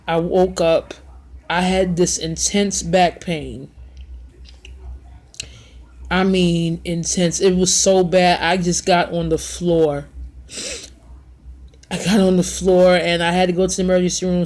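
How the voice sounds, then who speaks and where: A woman in her thirties recounts a personal ordeal on her vlog. Her voice sits a bit low and moves slowly, halting often for sighs and quiet apologies. The delivery stays emotional and unpolished throughout. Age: 30s. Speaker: vlogger. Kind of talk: personal storytelling.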